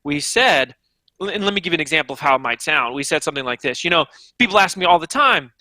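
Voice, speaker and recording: High, bright-voiced energetic man. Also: fast talker, dry recording. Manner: animated, emphatic, speaks straight to the audience. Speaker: author and guest. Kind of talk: energetic interview answers.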